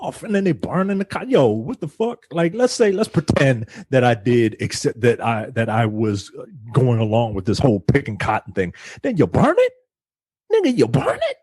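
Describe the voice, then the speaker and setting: Husky emphatic man reviewing a movie. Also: mid-range voice, lively intonation, normal speed, darkish tone, no room sound. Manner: emphatic, profane, acts out quotes. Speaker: podcast co-host. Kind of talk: casual review chat.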